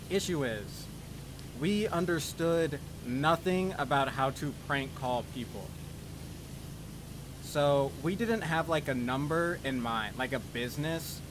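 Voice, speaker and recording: A man's voice: mid-range voice, background noise. A man telling a story in a casual, rambling, self-mocking way, swearing freely, as a voice-over on gameplay. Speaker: gaming video creator.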